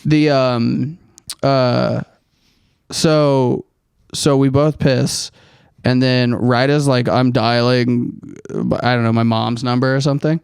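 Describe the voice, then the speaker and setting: A man's voice: fairly even intonation, takes it slowly, gravelly, clear, resonant tone, no room sound, studio quality. Young man telling a rambling story. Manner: rambling, laughs through his story; plays quoted people in high voices. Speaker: podcast co-host. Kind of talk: casual storytelling chat.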